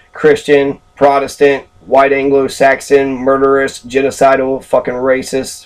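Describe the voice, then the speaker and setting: Flat-voiced man ranting with curses. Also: medium pitch. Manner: angry, heavily profane, with filler ums. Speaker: history commentator. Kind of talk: profane ranting commentary.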